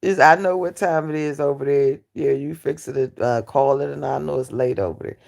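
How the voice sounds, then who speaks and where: A woman hosting a live stream, chatting casually with her viewers in a brassy, joking way, laughing often and dropping from loud outbursts to low asides. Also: steady tone, a little fast, vocal fry. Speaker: livestream host. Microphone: phone or computer mic on a livestream.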